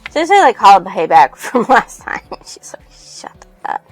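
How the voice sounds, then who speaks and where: A woman's voice: mid-range voice, big pitch swings, moderate pace, poor audio. A woman casually recapping a novel for her channel, rambling and loosely reading out quotes from it. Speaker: book reviewer.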